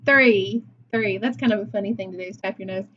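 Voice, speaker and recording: A woman's voice: mid-range voice, fairly quick, lo-fi sound, a little hiss or hum. A woman teacher leading a phonics lesson for young children, patient and praising as she sounds words out.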